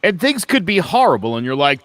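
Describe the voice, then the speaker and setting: Male podcast co-host, relaxed storyteller, self-deprecating, dry studio sound. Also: fairly high pitch, fairly quick, no room sound. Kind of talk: casual podcast chat.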